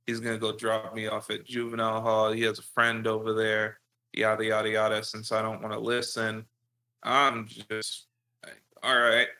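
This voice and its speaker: A man in casual chat, telling a childhood story in a lively, profane way. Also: on the low side. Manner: animated profane storytelling with laughs.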